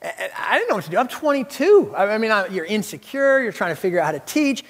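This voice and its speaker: High-voiced male preacher in a reverberant hall. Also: big pitch swings, quick pace, a bit bright. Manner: storytelling with humor and emphatic preaching. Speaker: pastor. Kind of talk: sermon.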